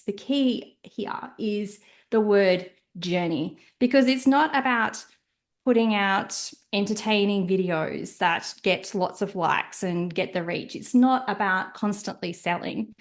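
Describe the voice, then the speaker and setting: A woman as a guest on a podcast interview, explaining her views in an animated way. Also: medium pitch. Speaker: podcast guest, marketing strategist.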